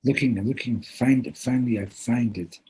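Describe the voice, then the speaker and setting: Husky-voiced man telling a Hasidic tale. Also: medium pitch, brisk, low-quality recording. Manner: heartfelt, animated storytelling with Yiddish and Hebrew words. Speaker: storyteller. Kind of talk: retelling a Hasidic story to a gathering. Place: yeshiva gathering.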